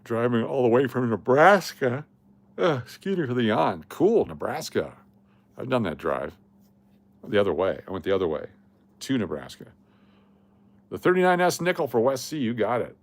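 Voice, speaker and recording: A man's voice: medium pitch, big pitch swings, normal speed, pauses often. A middle-aged man from Las Vegas hosting a casual coin live stream, chatting and reading viewer comments aloud. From Las Vegas, Nevada. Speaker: livestream host running coin giveaways.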